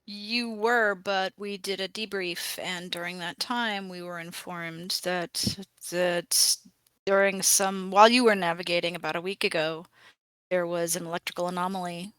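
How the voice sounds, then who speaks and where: A woman's voice: fairly low pitch, fairly even intonation, normal speed, fairly bright tone, clear, resonant tone, no echo. A woman playing a tabletop game, speaking in character and describing her character's actions in the third person. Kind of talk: in-character roleplay and narration.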